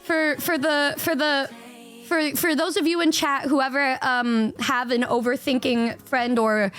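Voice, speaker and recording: High voiced young woman streaming, rambly and worked up, keeps tripping over her words, faint music behind. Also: unhurried. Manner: rambling and excitable, with many stammered restarts. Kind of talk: casual stream chat.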